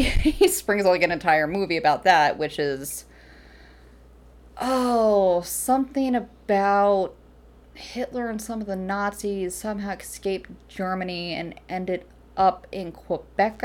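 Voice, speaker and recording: A woman co-hosting a casual podcast chat, swearing freely and laughing hard. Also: medium pitch. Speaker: podcast co-host.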